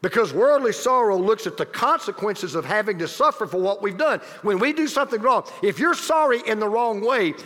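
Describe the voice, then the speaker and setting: A man with a high voice delivers a sermon, his pitch swinging widely as he presses each point. He repeats key phrases for emphasis and drops into chatty asides to his listeners. The sound carries a long reverb from a large church hall. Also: expressive, brisk, few pauses, fairly bright tone. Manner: emphatic and repetitive, with conversational asides to the congregation. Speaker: pastor.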